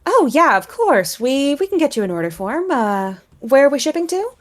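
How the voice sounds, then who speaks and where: A woman's voice: high-pitched, big pitch swings, moderate pace, pitched above the performer's own voice. A woman voicing a friendly young male candy-shop owner, chatty and welcoming.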